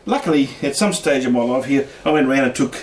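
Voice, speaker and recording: At a paranormal discussion group, an Australian guest speaker from Brisbane meanders through a personal story, circling back and beginning sentences again. He's expressive and quick, with a mid-range pitch, heard from a distance in an echoing meeting room with a low hum underneath.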